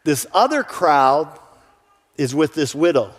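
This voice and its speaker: A man's voice: a little high, big pitch swings, slow. Man preaching in an echoing church. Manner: earnest, repeats words when starting sentences. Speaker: pastor. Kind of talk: sermon. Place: church sanctuary. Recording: church hall reverb.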